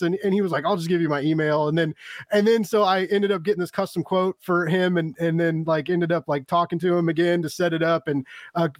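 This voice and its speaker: A man's voice: on the high side, fairly even intonation, quick pace, dry recording. A man hosting a podcast, telling a rambling story in casual chat. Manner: rambling storyteller, chatty with restarts. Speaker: podcast host.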